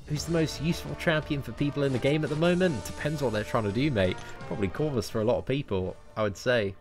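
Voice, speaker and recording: A young English man talking through a game live stream in a loose, chatty way. He jokes at his own expense and fills his talk with "mate" and "like". Faint music plays quietly behind him. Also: medium pitch, fast talker. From England. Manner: chatty, self-mocking, lots of "like" and "mate". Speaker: gaming streamer. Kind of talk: casual live-stream chat answering viewers.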